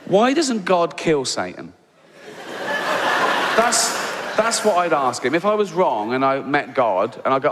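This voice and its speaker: An English man doing stand-up comedy, sardonic and mocking, breaking into high, incredulous outbursts. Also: sing-song, moderate pace, heavy background noise. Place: large theatre stage. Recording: big hall reverb with audience laughter.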